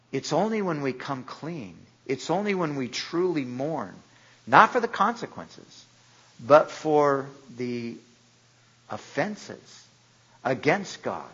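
A man's voice: mid-range voice, a bit bright, husky, lo-fi sound. A man preaching a sermon in an earnest way, sometimes acting out the voices in the stories he tells. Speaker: pastor.

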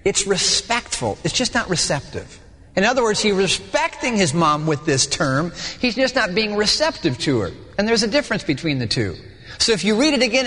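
A male pastor preaching a sermon, dramatic and animated, acting out the voices of the people in the story. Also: high-pitched, moderate pace, in a large hall.

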